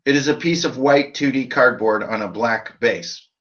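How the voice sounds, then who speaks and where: A man hosts a live stream about tabletop role-playing games, tipsy from drinking and rambling on in loose, profane bursts. His voice sits at an everyday middle pitch. The recording sounds dull and lo-fi. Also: normal speed, a bit bright. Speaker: host of a tabletop RPG channel. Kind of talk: casual live-stream chat.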